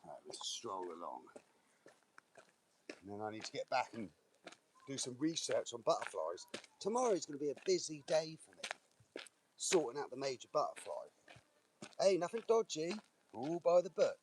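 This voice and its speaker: A man's voice: medium pitch, big pitch swings, moderate pace, long pauses, a little mellow, a little hiss or hum, poor audio. A man live streaming on his phone while walking outdoors, chatting rambly to the camera. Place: outdoors on a walk. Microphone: handheld phone.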